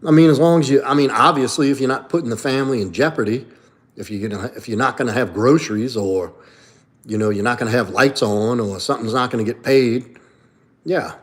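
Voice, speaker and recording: A man talks casually on a live stream, answering viewers' questions. He is blunt and opinionated, with frequent swearing. His voice sits at a middle pitch. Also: a little fast. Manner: blunt, profane, reads and answers chat. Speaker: livestream host and coach. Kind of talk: casual livestream chat.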